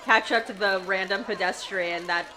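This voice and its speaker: A woman's voice: medium pitch, fairly even intonation, moderate pace, background noise. A woman casually reacting to a TV episode, chatty and emotional, with lots of filler words. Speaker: TV show reaction host.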